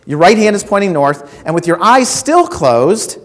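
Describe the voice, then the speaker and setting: A man's voice: sits high, sing-song, moderate pace, a bit bright. Man giving a keynote in a hall. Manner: storytelling, asks the audience questions, acts out quotes. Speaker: keynote speaker. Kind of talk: live keynote talk to a sales audience. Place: conference hall. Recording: reverberant hall recording.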